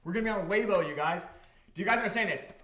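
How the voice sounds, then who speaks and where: A man hosting a livestream about his crypto project, talking to the chat in an excitable, profane, repetitive way. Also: high voice, racing, echoey room. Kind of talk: livestream talk to a chat audience.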